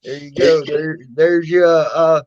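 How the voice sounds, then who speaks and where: A man in casual chat on a live stream, bantering slowly. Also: fairly high pitch, steady tone, a little mellow, no room sound, muffled recording. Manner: slow, laughing banter.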